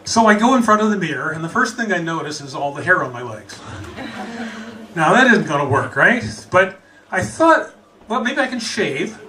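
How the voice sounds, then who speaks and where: A man from the United States telling a humorous personal story, animated and chuckling as he goes. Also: on the high side, normal speed, recorded from a distance, slight background noise, poor audio.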